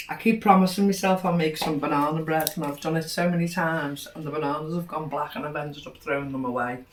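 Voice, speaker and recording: A middle-aged woman chatting casually through a grocery haul, cheerfully tallying prices and savings. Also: low voice. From United Kingdom. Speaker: vlogger. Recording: roomy echo, distant mic, faint noise.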